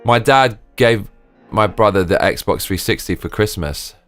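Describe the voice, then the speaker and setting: A man's voice: on the low side, unhurried, a bit bright, soft background music. A man streaming a game, talking casually to his chat while drunk, rambling and swearing.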